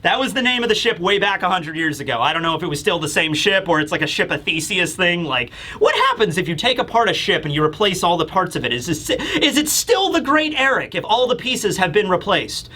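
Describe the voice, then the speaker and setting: Man, casual comic review, rambling, high bright voice. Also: very animated, brisk, hardly any pauses. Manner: rambling, fillers, acts out characters. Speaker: manga reviewer.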